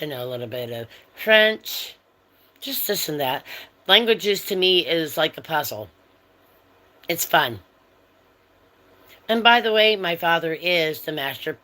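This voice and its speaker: Slow-talking, bright-voiced woman livestream host. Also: deep voice. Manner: chatty and friendly, talks straight to viewers, turns firm and strict with rude chatters. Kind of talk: casual live chat, answering viewers' comments.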